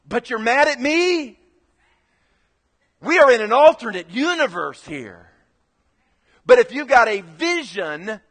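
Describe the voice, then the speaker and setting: A man preaching as pastor in a sermon, animated, swinging from quiet asides to loud emphatic bursts. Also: very high voice, long reverb tail.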